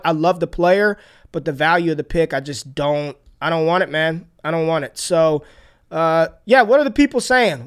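A man with a high, smooth, clear voice hosts a laid-back sports podcast. He talks loosely, repeats himself and swears casually, and he gets hyped when he reads out a sponsor. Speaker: podcast host.

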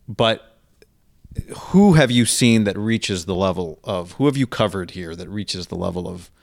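Male sports radio guest, low-ish voice, halting questions, dry sound. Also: lively intonation, vocal fry, no echo. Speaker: podcast guest and co-host. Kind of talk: casual sports talk.

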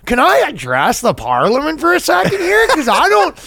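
A man voicing a loud, angry Canadian politician with an exaggerated Canadian accent, shouting and drawing out words. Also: extremely high pitch, wildly swooping pitch, vocal fry, dry recording, clean studio sound, voice pushed up, full character voice. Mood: ranting. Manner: shouting, drawn-out, slangy.

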